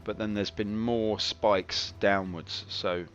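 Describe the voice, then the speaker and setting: A man's voice: fairly low pitch, fairly even intonation, takes it slowly, fairly bright tone, slight background noise. Wry man streaming a game. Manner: wry, self-mocking, chatty. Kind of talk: casual live-stream commentary. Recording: slightly dull stream audio with faint game music.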